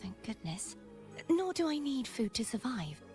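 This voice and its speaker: A calm young heroine from a story game, her voice high and soft. She speaks in gentle, measured lines, with game music playing underneath. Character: calm, solemn young woman, game companion. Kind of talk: game dialogue.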